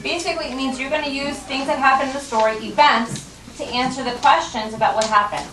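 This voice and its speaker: Speaking quickly in a high, steady voice, a woman leads a first grade class. She patiently coaxes the children and reads word by word as a model, captured from afar in a roomy classroom with background noise.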